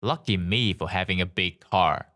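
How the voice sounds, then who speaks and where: A man reading forum stories aloud in a plain, expressive way. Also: sits low, normal speed. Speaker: narrator of online stories.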